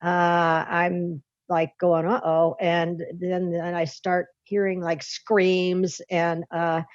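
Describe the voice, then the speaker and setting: A woman's voice: on the low side, level tone, slow pace, no room sound. Chuckling woman telling a dramatic story. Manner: vivid storyteller who laughs often and restarts her sentences. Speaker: author and podcast guest. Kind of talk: personal storytelling in an interview. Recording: dull lo-fi dry recording.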